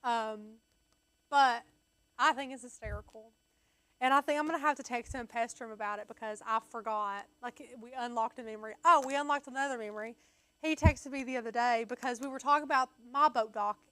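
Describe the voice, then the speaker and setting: High-voiced chatty woman telling stories. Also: fairly quick, a bit bright, no echo. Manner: chatty storyteller, acts out quotes, laughs often. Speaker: co-host. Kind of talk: casual livestream chat.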